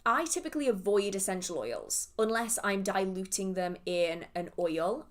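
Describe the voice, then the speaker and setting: A young woman from England with a southern English accent, hosting a live witchcraft Q&A stream and answering viewer questions in a chatty, rambling way. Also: fairly low pitch. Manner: chatty, rambling, goes off on tangents. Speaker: witchcraft Q&A livestream host. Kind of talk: casual livestream chat answering viewer questions.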